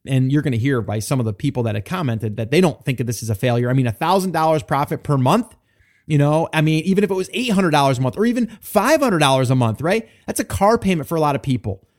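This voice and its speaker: A man's voice: fairly high pitch, animated, quick pace, a little mellow. A man hosting a podcast on his own, talking casually and thinking aloud, with lots of fillers. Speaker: podcast host. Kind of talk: solo podcast talk, reading a listener post.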